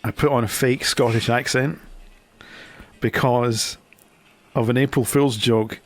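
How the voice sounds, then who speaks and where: A man's voice: mid-range voice, fairly even intonation, unhurried, no echo. A man, telling a story on the radio in a confessional way and laughing often. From Ohio, USA. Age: 40s. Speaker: radio host. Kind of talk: on-air radio chat. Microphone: studio microphone.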